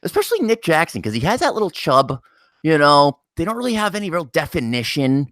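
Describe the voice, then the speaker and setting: Man, casual podcast chat, lots of swearing, lively pitch, dry sound. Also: brisk, no room sound. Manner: profane, laughing, mimics people in his stories. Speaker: podcast co-host.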